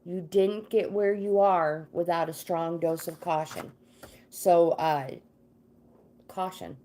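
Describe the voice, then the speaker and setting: Slow-talking woman reading tarot live. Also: fairly low pitch, fairly even intonation, dark tone, a little hiss or hum. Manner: chatty, easily sidetracked, greets viewers by name. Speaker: livestream host and tarot card reader. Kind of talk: casual livestream chat with card readings.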